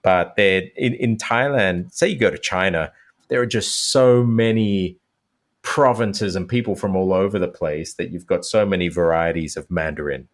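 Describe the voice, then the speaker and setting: A man with a notably deep voice talks through language quirks as a podcast guest. His delivery is animated and loose, and he slips into short acted-out examples mid-thought. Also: moderate pace. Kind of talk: casual interview chat.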